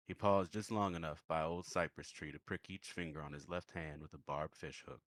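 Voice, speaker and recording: A man running a tabletop game as game master, telling the story in a relaxed, easygoing way. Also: deep voice, no room sound.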